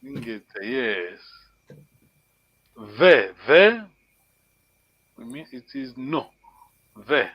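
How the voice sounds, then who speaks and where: A man teaching a language lesson over a video call, patiently repeating words slowly and chuckling often. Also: mid-range voice, sing-song, dull audio. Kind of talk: live online language lesson.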